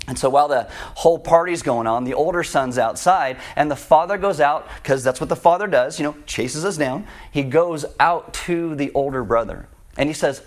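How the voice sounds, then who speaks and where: A man preaching a sermon, retelling a parable in an animated, conversational way. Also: a little high, moderate pace. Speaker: pastor.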